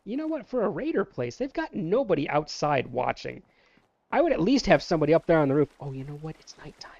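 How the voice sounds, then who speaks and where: A man's voice: fairly high pitch, sing-song, quick pace, gravelly, a little mellow, dry recording, dull audio. A man casually commenting on his own gameplay, playfully talking to the characters on screen like a parent sending children to bed. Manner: playful, talks to game characters like a scolding parent. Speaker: gameplay streamer. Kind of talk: casual let's-play commentary.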